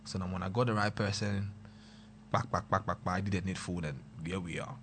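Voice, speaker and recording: A young man with a Ghanaian accent, casually telling a personal story, mixing pidgin and local words and swinging between loud and quiet. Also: deep voice, fairly even intonation, a little fast, slight background noise.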